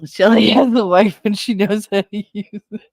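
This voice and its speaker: A woman's voice: medium pitch, fairly even intonation, moderate pace, darkish tone, dry recording, clean studio sound. A woman hosting a live stream in casual chat, telling profane stories and laughing often. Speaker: streamer host.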